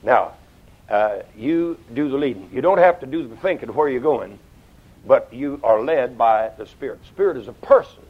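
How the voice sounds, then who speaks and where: An older man preaching a sermon, folksy and storytelling, swinging between loud outbursts and hushed asides. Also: medium pitch, animated, moderate pace, slightly rough. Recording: dull lo-fi sound.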